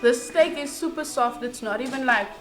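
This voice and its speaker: A woman's voice: high-pitched, normal speed, faint music behind. A woman, chatting playfully as a guest while tasting food on a talk show. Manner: playful, chatty, lively reactions.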